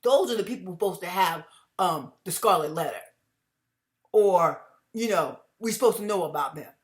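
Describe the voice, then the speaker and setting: Speaking at a normal pace in a fairly low, expressive voice, a middle-aged woman talks to viewers on her commentary channel. Her delivery is emphatic, with repeated phrases and bursts of laughter between points.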